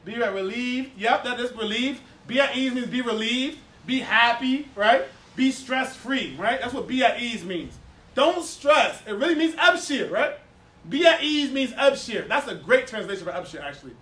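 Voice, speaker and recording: A man teaching a lively religious class to a live audience, animated and playful, repeating words for emphasis and quizzing his listeners. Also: very high-pitched, normal speed. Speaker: Islamic teacher giving a class. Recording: echoey room, voice from a distance.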